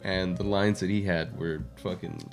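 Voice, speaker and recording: A man's voice: sits low, fairly even intonation, moderate pace, creaky, soft background music. A man co-hosting a casual movie discussion, joking and laughing often. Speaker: podcast co-host.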